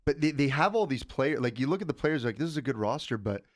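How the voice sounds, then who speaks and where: A man's voice: mid-range voice, expressive, fast. A man co-hosting a sports podcast, pushing his opinions emphatically in casual banter. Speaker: podcast co-host.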